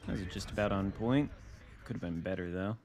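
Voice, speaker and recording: Low-ish guy streaming a game, dry wry muttering, faint background hum. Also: fairly quick, darkish tone. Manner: dry, wry musing, thinking aloud. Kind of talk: casual live gameplay commentary.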